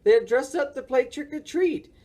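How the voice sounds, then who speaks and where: A woman reading aloud and voicing a loud, bossy male storybook character who explains everything. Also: high voice, animated, moderate pace, pitched above the performer's own voice. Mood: explaining.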